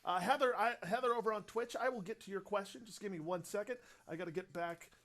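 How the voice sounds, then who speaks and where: High-voiced chatty man hosting a radio livestream. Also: fast talker, fairly bright tone. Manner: rambling, chatty, upbeat. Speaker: radio host. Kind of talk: casual livestream chat, reading viewer questions.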